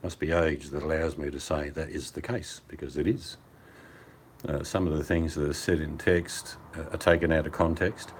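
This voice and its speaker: A man's voice: very deep voice, fairly even intonation, normal speed, a little hiss or hum. An older man with an Australian accent, chatting casually on a video call at home in laid-back, rambling, blokey banter. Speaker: hangout participant. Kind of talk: casual chat. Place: at home by a fireplace. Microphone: video call on a phone over mobile data.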